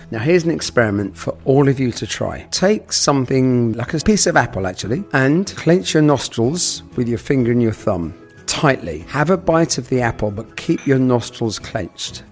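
A man, a chef, giving a calm, instructive explanation to young listeners and walking them through an experiment. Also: medium pitch. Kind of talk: recorded guest explanation.

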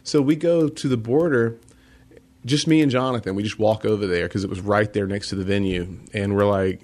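A man's voice: fairly low pitch, brisk. A young man with a South Carolina accent, a band's lead singer telling a tour story as a podcast guest, laughing often as he goes. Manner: laughs a lot, animated storyteller. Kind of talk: casual storytelling.

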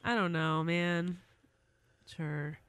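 A woman's voice: on the low side, flat delivery, extremely slow, fairly bright tone, clear, resonant tone, dry recording. A young woman playing a podcast guessing game, blunt and confused about the questions. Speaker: podcast guest player. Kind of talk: casual podcast banter.

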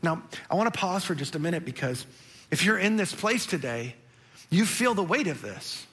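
High-voiced conversational male preacher. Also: sing-song, normal speed, fairly bright tone, husky. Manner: conversational and emphatic, many restarts. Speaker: pastor. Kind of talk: sermon.

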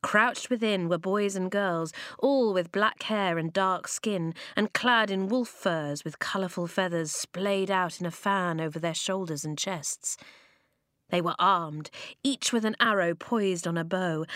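A woman reads a children's storybook aloud in a measured, expressive way. Her voice sits on the low side for a woman. The recording is close and dry, without room echo. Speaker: audiobook narrator. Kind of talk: scripted narration.

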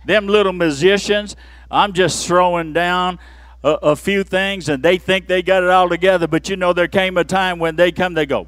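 Pastor, man, high voice, dry close sound; dynamic sermon delivery from murmurs to shouts. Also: lively intonation, normal speed, no room sound. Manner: swings from low murmurs to shouted peaks, playful asides. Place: church.

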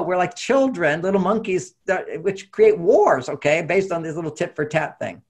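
Middle-aged male therapist, animated storyteller; slightly high, husky voice with fry. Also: normal speed, hardly any pauses. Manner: animated storytelling, acting out quotes. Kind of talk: storytelling talk.

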